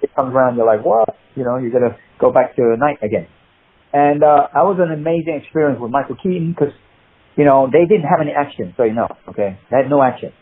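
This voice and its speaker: Husky man telling stories down a phone line. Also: mid-range voice, fast. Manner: animated storyteller, rambling. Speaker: guest, martial arts actor. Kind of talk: anecdotal interview chat.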